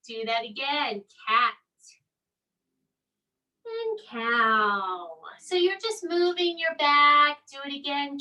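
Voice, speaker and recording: A woman in her thirties leads a calm children's yoga lesson at home. Her voice sits high and bright, and she coaxes the kids through each pose at an unhurried pace. She sounds a little distant from the microphone. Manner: soft, coaxing, slow instructions. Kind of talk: gentle kids' yoga lesson and read-aloud.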